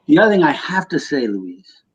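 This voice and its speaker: A man's voice: on the high side, very animated, brisk, crowd noise. A man in a comedy sketch, giving fussy notes to a group rehearsal. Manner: fussy, explanatory, chimes in. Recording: dull lo-fi sound.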